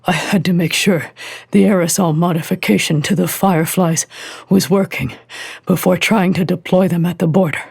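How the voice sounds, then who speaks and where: A cool, sardonic man taunting his interrogators in a low, husky drawl, as a woman narrator puts him on. He sounds smug and unhurried. The recording is dry and close. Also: steady tone, a little mellow, dry recording, exaggerated voice. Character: smug male hacker terrorist, cool and sardonic.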